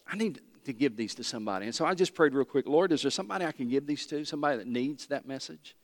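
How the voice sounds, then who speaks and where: A man's voice: medium pitch, fairly bright tone. A man preaching a sermon as pastor, telling a personal story in an earnest way that rises to emphatic peaks. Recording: long reverb of a large hall.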